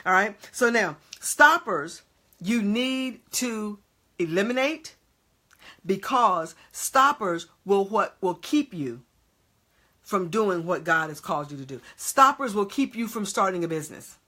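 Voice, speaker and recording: A woman's voice: mid-range voice, animated, unhurried, pushed and bright. A woman preaching an emphatic motivational sermon, repeatedly checking in with her audience.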